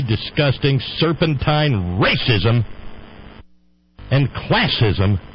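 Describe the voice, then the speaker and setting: A man with a medium-pitched voice hosts a radio show, delivering a rambling, opinionated, casual monologue on air. The audio sounds dull, with slight background noise.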